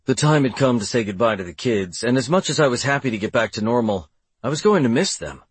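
A man with a husky voice narrating a first-person novel in a steady, measured way, recorded on a close studio mic. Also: mid-range voice, no echo. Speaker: audiobook narrator.

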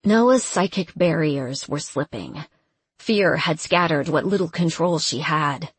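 A woman narrates a story in a measured, steady reading. Her voice is low and husky, and she takes her time. The recording is dry and close. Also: no room sound. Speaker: audiobook narrator. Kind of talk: scripted narration.

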